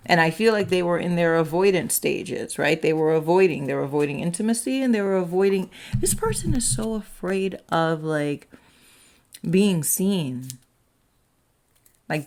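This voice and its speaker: A woman giving a casual tarot reading, chatty, peppering her talk with "like" and "right?", and slipping into quick acted-out quotes. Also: sits low, darkish tone. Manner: chatty, fills speech with "like" and "right?". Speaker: tarot reader.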